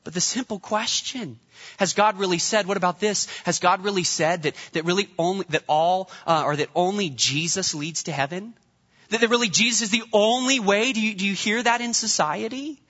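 A man's voice: sits high, fairly quick, bright, forceful tone. A male pastor preaching a sermon, emphatic and fond of repeating rhetorical questions. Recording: dull reverberant hall recording.

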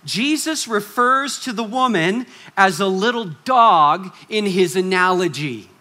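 Bright-voiced, animated male preacher. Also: sits high, a little slow. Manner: animated, swings from loud to hushed, acts out quoted voices. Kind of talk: sermon.

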